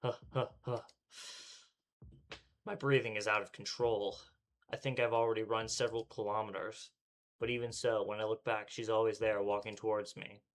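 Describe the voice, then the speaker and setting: A man's voice: on the low side, level tone, fairly quick, a little hiss or hum. A male streamer reading a visual novel aloud with dramatic delivery, acting out panting and breathlessness.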